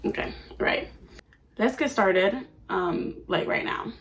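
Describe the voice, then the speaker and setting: A woman's voice: medium pitch, slow pace, fairly bright tone, soft background music. A nineteen-year-old woman vlogging at home in a chatty, playful, oversharing way. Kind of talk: casual chat. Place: at home under a ring light.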